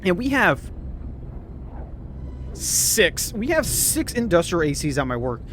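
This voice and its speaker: A man's voice: high-pitched, sing-song, slow, a bit bright, a little hiss or hum. A young man telling a rambling story in casual chat, swearing, laughing often and full of fillers. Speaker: storyteller host.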